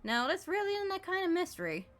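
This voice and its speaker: Woman, streamer, reading game text aloud, jokey playful commentary, very animated pitch. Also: fast talker, soft background music.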